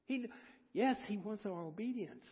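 Preacher with a husky voice in a big echoing hall. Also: male voice, high-pitched, lively intonation. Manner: folksy, self-deprecating, halting restarts. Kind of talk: sermon. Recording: dull sound, long hall reverb.

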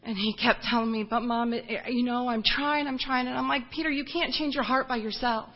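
A woman missionary giving an earnest, emotional personal testimony, often halting and restarting as she speaks. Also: a little high, lo-fi sound.

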